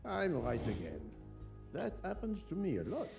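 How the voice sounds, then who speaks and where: A man's voice: high voice, wildly swooping pitch, moderate pace, gravelly, music in the background, exaggerated voice. An actor voicing a self-assured, smug male detective in a game, making dry asides.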